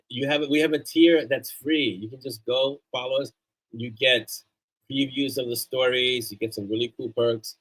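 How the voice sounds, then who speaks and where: A man's voice: mid-range voice, a bit bright, rough recording. A man hosting a casual live stream, chatty and upbeat as he plugs links and thanks his supporters. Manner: loose and off-the-cuff, with fillers and restarts. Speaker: livestream host.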